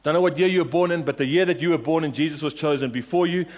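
A man's voice: a little high, very fast. A man preaching a sermon, emphatic and repetitive, rallying his congregation with questions and refrains. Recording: long reverb of a large hall.

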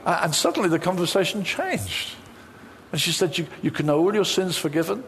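A man preaching with an animated, storytelling delivery. His voice sits a little high and swings widely in pitch as he acts out quoted conversations. A faint hiss runs under the recording. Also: a little fast. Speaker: pastor. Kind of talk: sermon.

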